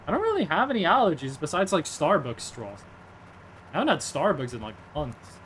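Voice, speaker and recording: A man's voice: fairly high pitch, huge pitch swings, brisk, a bit bright, a little hiss or hum. A man in his twenties streaming a game, rambling casually, reading chat aloud and tossing in jokey asides.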